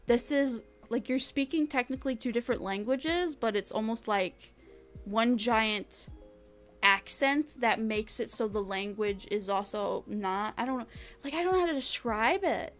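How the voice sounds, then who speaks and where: A woman's voice: on the high side, moderate pace. Young woman streamer chatting with faint music. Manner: rambling, laughing often, frequent swearing. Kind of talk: casual chat with stream viewers.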